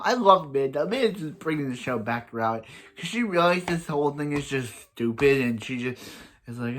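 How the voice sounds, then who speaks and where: Rambling, excitable young male fan. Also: mid-range voice, normal speed. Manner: rambling and excitable, often restarting sentences. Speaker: fan reviewer. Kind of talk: casual episode review.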